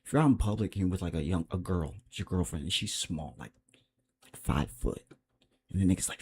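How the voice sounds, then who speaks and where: A man with a fairly low voice hosts a livestream and talks off the cuff. His commentary is blunt and profane, and he rambles from point to point. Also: expressive, moderate pace, pauses often, darkish tone. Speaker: livestream host.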